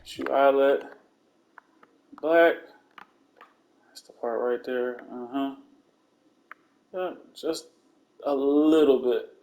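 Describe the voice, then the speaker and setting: A man giving a casual, slangy voice-over, calmly walking through steps one by one. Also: mid-range voice, very slow, pauses often. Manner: relaxed, laid-back step-by-step instructions; slangy, conversational asides. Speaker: video game content creator.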